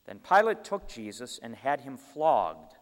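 A man giving a measured, steady reading of scripture aloud. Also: mid-range voice. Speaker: scripture reader. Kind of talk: Bible reading. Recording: long hall reverb.

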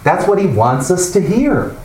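A man teaching a Bible class, explaining and asking the class questions in an animated way. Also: high-pitched, a little slow. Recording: echoey room, mic far off, faint noise.

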